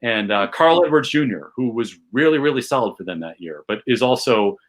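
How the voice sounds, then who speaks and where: A man from Chicago, a comedian, telling a fan memory in casual chat with rising excitement and self-mocking asides. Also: medium pitch, brisk. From Chicago, USA. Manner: animated, builds tension, self-mocking. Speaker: podcast guest, comedian.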